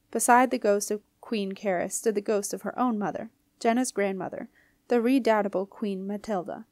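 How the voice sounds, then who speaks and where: A woman reading a children's fantasy book aloud in a clear, expressive way. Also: medium pitch, normal speed, no echo, studio quality. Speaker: audiobook reader. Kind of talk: storybook narration.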